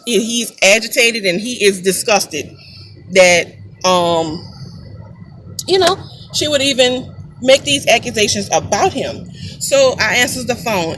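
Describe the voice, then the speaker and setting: A woman's voice: on the high side, background noise. A mother casually telling a story to camera, chatty and emphatic, repeating phrases for weight.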